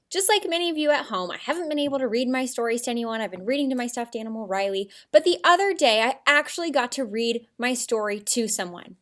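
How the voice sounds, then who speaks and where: Woman teacher, high voice, lively and expressive lesson for little kids. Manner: animated, expressive, speaking to young children. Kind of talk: children's writing lesson.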